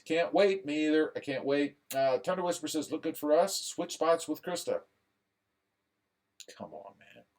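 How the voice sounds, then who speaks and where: A man hosting a live stream in a casual, joking way, reading viewer comments aloud. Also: on the high side. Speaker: livestream host reading chat.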